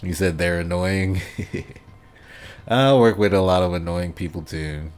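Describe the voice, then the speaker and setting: Deep-voiced laid-back male streamer. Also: slow pace, soft background music. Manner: laid-back, rambling, chuckles often. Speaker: gaming livestreamer. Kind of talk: casual chat reading out viewer comments.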